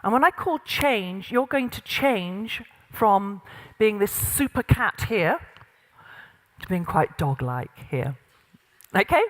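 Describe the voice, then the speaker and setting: A woman's voice: medium pitch, big pitch swings, takes it slowly. A middle-aged woman leading an interactive workshop, giving directions and demonstrating exercises to a group in a large room. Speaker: voice and presence coach. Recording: long reverb of a large hall.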